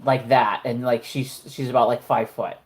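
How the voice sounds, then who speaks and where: A man's voice: mid-range voice, level tone, normal speed, poor audio. Male game master, casual rambling narration full of fillers. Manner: rambling, heavy use of fillers.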